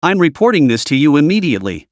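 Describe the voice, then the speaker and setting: A man voicing an irritable, haughty male clan lord with a sharp, curt way of speaking. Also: fairly high pitch, big pitch swings, fast, dry recording, clean studio sound. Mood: tense.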